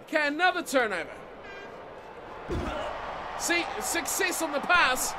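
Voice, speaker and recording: A man giving excitable let's-play commentary on a rugby video game, swearing and yelling at his own team. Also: very high-pitched, unhurried, very noisy. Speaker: gaming channel host. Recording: game music playing behind the voice.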